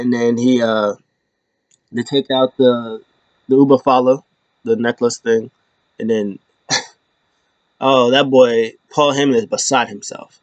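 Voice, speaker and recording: A man talking loosely through a wrestling recap, his voice sitting in a middle range. He wanders from point to point with plenty of "uh"s and breaks into squeaky, over-the-top quotes. The sound is dry and close, with no room echo. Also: fairly even intonation, takes it slowly, long pauses. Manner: loose and rambling, many fillers, acts out quotes with sudden high-pitched squeals. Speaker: wrestling show host. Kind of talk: casual recap commentary.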